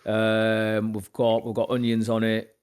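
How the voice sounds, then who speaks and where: A man's voice: fairly low pitch, completely flat delivery, darkish tone, clear, resonant tone. A man, a guest on a podcast, chatting casually in an easygoing, agreeable way. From Newcastle, England. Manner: easygoing, agreeable, quick to laugh. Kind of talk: casual chat.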